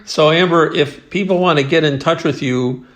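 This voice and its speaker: A man, interviewing a horse owner in a relaxed, encouraging way, with some restarts. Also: fairly high pitch, moderate pace. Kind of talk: casual interview.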